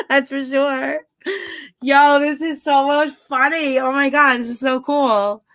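A woman with a bright, higher-pitched voice chats on a livestream, giggly and flirty as she gushes to her viewers. She talks at an unhurried pace, with a dry, close sound. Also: steady tone, no room sound. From half Italian heritage. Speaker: livestreamer reading chat. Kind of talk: casual livestream chat.

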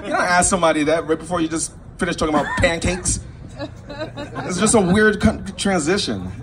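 A man's voice: high-pitched, lively intonation, brisk, noisy background. A young man from Queens, New York, doing a loose, rambling stand-up set with crowd work and frequent laughs. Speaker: stand-up comedian. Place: small backyard show with a live crowd. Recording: live audience laughing behind.

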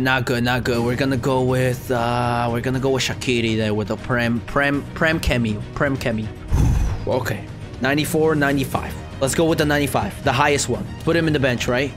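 A young man doing casual gameplay commentary as a gaming YouTuber, excitable and repetitive, swearing freely. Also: medium pitch.

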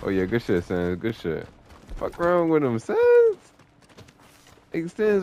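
A young man commentating his online gameplay, taunting and cursing at opponents in an excitable, profane way. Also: on the high side, takes it slowly, a little hiss or hum. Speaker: gamer streaming online play. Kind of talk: trash-talking gameplay commentary.

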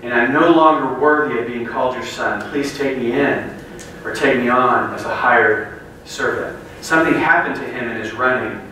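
A man preaches from a distance in a very echoey room, his voice bright and forward. He tells a story with animated character voices before moving into scripture. Faint noise sits under the reverberant sound. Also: medium pitch. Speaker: guest speaker. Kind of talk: sermon with storytelling.

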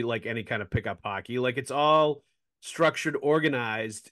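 A man's voice: mid-range voice, fairly bright tone. A man hosting a hockey podcast, talking casually and emphatically, agreeing strongly and running his points together. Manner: chatty, frequent "like" fillers, emphatic agreement. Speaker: podcast host.

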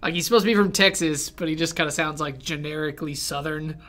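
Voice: medium pitch, quick pace, a bit bright. A game streamer giving casual, joking commentary while playing, often poking fun at the voice acting. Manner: joking, laughing, doing bad impressions.

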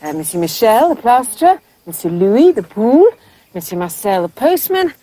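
An actress playing a cheerful, coaxing English expat hostess. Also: female voice, fairly high pitch, sing-song, moderate pace. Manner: bright, coaxing. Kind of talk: TV drama acting.

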